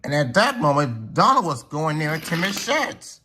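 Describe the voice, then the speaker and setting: A man's voice: on the high side, sing-song, moderate pace, bright, forceful tone, slight background noise. A man narrating a toy train story in a plain, rambling way with slips.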